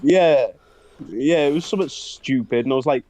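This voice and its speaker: A man's voice: mid-range voice, moderate pace, warm tone. A young man, co-hosting a podcast, chatting casually about gaming and mocking old opponents with swearing and laughs. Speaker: podcast co-host.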